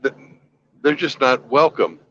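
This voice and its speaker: A man's voice: mid-range voice, sing-song, unhurried, fairly bright tone, lo-fi sound, a little hiss or hum. A man hosting a livestream, chatting casually and trading dry banter. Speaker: stream host. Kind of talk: casual chat.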